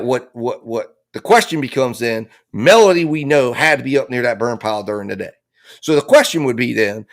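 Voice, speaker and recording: A man with a medium-pitched, fairly bright voice offers impassioned legal takes as host of a true crime analysis show. He's blunt and emphatic, curses a lot and repeats phrases.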